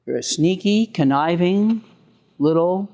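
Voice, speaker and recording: A man's voice: high voice, unhurried, dark tone. A man giving a lecture on parenting, joking and laughing as he acts out what parents and children say. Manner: jokey, laughs at own lines, acts out parent and child voices. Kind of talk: recorded lecture.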